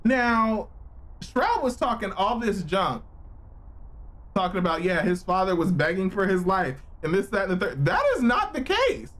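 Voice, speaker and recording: A man streaming a game live, reacting with loud, profane exclamations and joking with his chat in slang. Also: high voice, sing-song, unhurried. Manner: slangy, playful banter with chat. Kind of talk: live gameplay reaction commentary.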